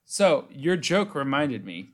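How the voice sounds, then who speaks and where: A man's voice: mid-range voice, sing-song, slow. Laid-back, teasing man in casual chat.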